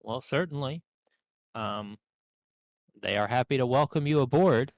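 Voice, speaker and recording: A man running a tabletop game as game master, who talks haltingly with many fillers. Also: medium pitch, no room sound, low-quality recording.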